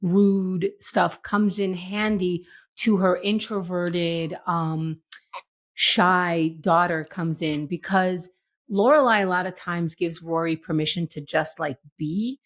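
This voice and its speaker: A woman co-hosting a rewatch podcast in easy, casual chat. She talks with lively swings in pitch and drops into acted quotes as she tells stories. Her voice sits fairly low for a woman. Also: takes it slowly. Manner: animated, storytelling with acted quotes. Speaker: podcast co-host.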